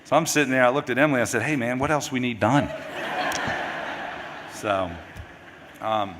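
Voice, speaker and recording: Speaking at a podium microphone in a large memorial hall, a middle-aged father gives a eulogy while grieving, his medium-pitched voice nearly breaking into tears. He rambles haltingly and restarts his sentences. Reverb from the hall and faint background noise can be heard.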